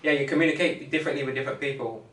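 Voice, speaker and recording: A man's voice: mid-range voice, very fast, fairly bright tone. A man co-hosting a podcast, talking casually and rambling, often saying "you know what I mean". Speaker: podcast co-host. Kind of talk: casual chat. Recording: roomy echo, far from mic, faint hiss.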